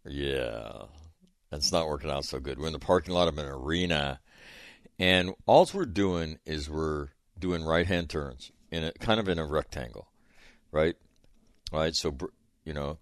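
A man's voice: rumbling low, expressive, measured pace, no room sound, studio quality. A middle-aged man telling a casual story as a host, rambling with many fillers and restarts. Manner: rambling, lots of fillers and restarts, laughs at own stories. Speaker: podcast host.

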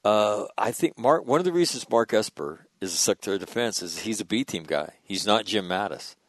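A man hosting a casual conversation, talking haltingly with many fillers and laughing often. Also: on the low side, expressive, dry recording. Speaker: podcast host.

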